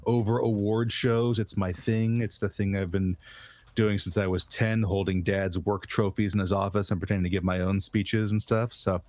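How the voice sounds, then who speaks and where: A man's voice: fairly low pitch, flat delivery, normal speed, no echo. A man from California co-hosting a casual podcast chat, easygoing and often chuckling, a father of boys. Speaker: podcast co-host.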